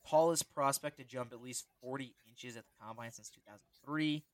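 This is a man in easy, casual sports talk on a podcast. His pitch sits in an ordinary middle range. He rambles and gets animated, often rattling off numbers. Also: a little fast. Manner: animated, rambling, reads stats aloud. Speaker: podcast co-host.

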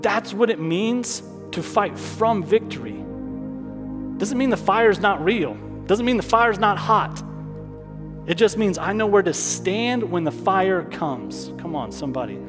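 A man's voice: high-pitched, lively intonation, unhurried. A man preaching a sermon as pastor, calling out to the congregation and repeating lines for emphasis. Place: church hall. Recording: long hall reverb, soft music behind.

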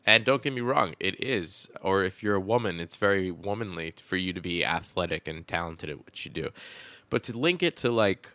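A young man with a blocked-up nose runs his solo podcast, rambling and cursing with caffeinated energy. His slightly low voice sounds forceful and bright. The recording is dry and close, with no room sound. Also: normal speed, no room sound. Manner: rambling, profane, wired and excitable. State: stuffy with a head cold. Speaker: podcast host.

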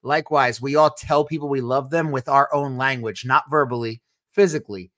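A man's voice: mid-range voice, a little fast, fairly bright tone. A man co-hosting a podcast with his wife, talking earnestly and instructively in a casual chat about marriage and faith. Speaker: podcast co-host.

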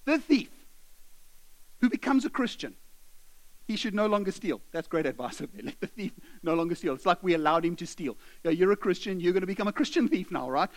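A man's voice: sits high, brisk, rough recording. A man preaching a sermon, telling stories and acting out characters. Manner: animated storytelling, acting out characters. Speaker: pastor.

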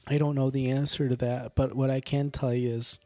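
A man wraps up his podcast, his voice hoarse and worn. He rambles along in a jokey way, full of ums and uhs. The sound is dry and close, with no room around it. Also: medium pitch, little pitch movement, a little fast, dark tone, no room sound. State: hoarse, sore throat with coughing. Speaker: podcast host. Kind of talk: casual podcast sign-off.

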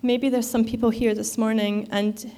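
A woman's voice: on the high side, flat delivery, moderate pace, dark tone. A woman giving a sermon in a conversational way, with frequent fillers and restarts. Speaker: preacher.

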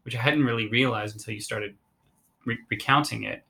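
A man's voice: mid-range voice, fairly quick, creaky, sharp tone. A male podcast host who talks reflectively and stops to unpack the meaning in his guest's story. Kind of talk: casual interview chat.

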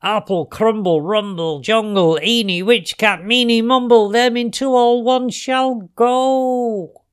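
A man voicing an angry old witch who shouts and threatens in a shrill voice. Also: slow pace, smooth. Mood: chanting.

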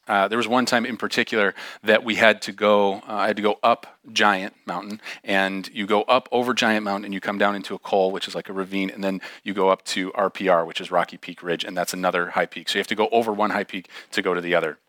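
A man's voice: fairly low pitch, quick pace, hardly any pauses, no room sound. A man, a pastor, giving a casual storytelling sermon in a conversational way, acting out the dialogue of the people in his story. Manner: animated, acts out dialogue in raised voices; casual and conversational with frequent fillers.

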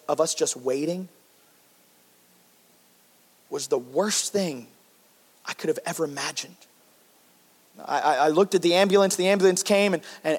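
A pastor delivers a heartfelt sermon in a high, bright voice. He swings between loud, emphatic peaks and quiet, tender passages, and a long reverb from a large church hall colors the sound.

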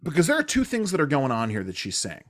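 A man hosting a political talk show, speaking in a halting way with many restarts and fillers. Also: a little high, huge pitch swings, fairly bright tone. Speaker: radio talk show host.

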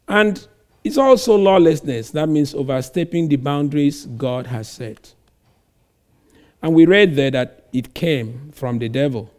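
A man preaching a sermon, reading scripture slowly and stressing words with sudden loud emphasis. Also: a little high.

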